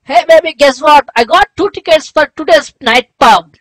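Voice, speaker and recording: An eager young puppet boyfriend, voiced by a woman, coaxes in a bright, very high voice. The sound is close and dry. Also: moderate pace, dry recording.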